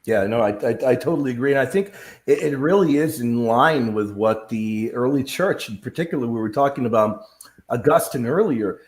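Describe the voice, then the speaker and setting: A man's voice: medium pitch, lively intonation, a little fast, a little mellow. A man hosting a casual discussion, thinking aloud and asking his guests questions. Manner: thoughtful, questioning. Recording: echoey room.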